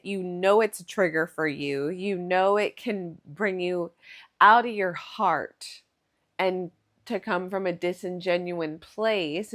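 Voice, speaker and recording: Slow-talking spiritual woman. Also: fairly low pitch. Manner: meandering, spiritual, says "like" often. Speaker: hypnotherapist. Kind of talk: casual reflective vlog.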